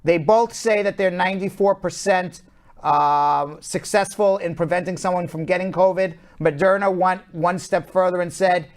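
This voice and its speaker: A man's voice: high-pitched, fairly even intonation, normal speed. A man with a Long Island accent hosting a live show, running through the news in a chatty, loose way with fillers and restarts. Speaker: show host and attorney.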